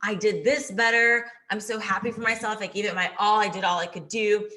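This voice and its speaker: A young woman in casual podcast chat about competing, chatty and animated, acting out what other people say. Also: medium pitch, fairly quick. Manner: chatty, animated, acts out quoted voices. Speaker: podcast guest, bikini competitor.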